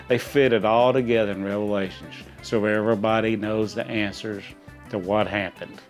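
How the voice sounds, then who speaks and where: A man's voice: fairly low pitch, moderate pace, soft background music. A middle-aged man, a dad hosting a trivia chat, answering in rambling, folksy explanations. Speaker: quiz host, a gamer's dad answering questions. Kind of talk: casual chat.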